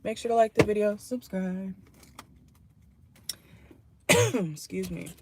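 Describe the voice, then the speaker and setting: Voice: medium pitch, animated, slow pace, noisy background. A tarot reader giving a casual channeled reading from a parked car, talking bluntly with salty language and frequent laughs.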